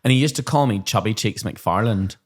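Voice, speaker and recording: Laughing man with a lowish voice. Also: fairly quick. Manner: chatty, laughs often, gives frequent backchannel agreement. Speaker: teacher and podcast co-host. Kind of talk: casual podcast chat.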